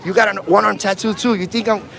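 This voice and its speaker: A man auditing police streams live from a handheld phone in an outdoor city setting, using taunting, provocative slang as a first amendment auditor in a street confrontation. His voice is high-pitched with vocal fry and fairly even intonation. He talks fast amid crowd noise.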